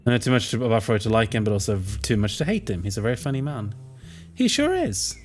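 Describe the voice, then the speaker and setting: A man's voice: on the low side, rapid-fire, a little mellow, faint music behind. A man streaming a story game, making jokey, self-deprecating remarks in casual commentary. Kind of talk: casual let's-play commentary.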